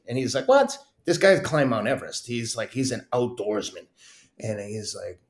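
Middle-aged male guest, lively storyteller, mid-pitched, roomy echo. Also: normal speed. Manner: animated, laughing, acts out quotes. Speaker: podcast guest, runner. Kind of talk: casual storytelling interview.

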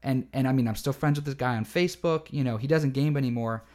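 A young man co-hosts a casual podcast chat. His voice has an ordinary middle pitch for a man. He tells his anecdotes in a lively way, and in between he keeps up steady "mm-hmm"s. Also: fast talker. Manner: lively anecdotes with many backchannel mm-hmms. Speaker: podcast co-host.

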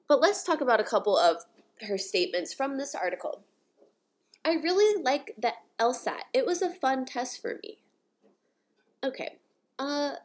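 A young woman from the United States hosting a podcast, talking in a chatty, sarcastic way about news articles. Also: a little high. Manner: chatty and sarcastic, with animated asides. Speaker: podcast host. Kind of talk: casual commentary on articles.

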